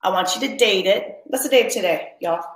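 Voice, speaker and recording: In an echoey room on a low-quality recording, a mom coach speaks at medium pitch and a little fast. Hosting a live online workshop for mothers, she reads viewer comments aloud and leads them through a spoken pledge as motivational coaching.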